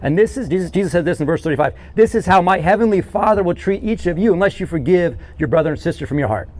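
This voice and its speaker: A man's voice: high-pitched, fast, few pauses. A male pastor preaching a sermon, retelling a parable and acting out its characters' pleas. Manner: animated, acts out quoted characters in the story.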